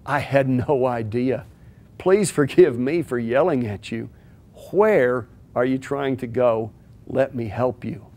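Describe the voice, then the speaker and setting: Remorseful woman, read by a man, gentle and quiet, offering help. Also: medium pitch, slow, pitched below the performer's own voice. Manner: gentle, apologetic. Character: remorseful woman, newly compassionate.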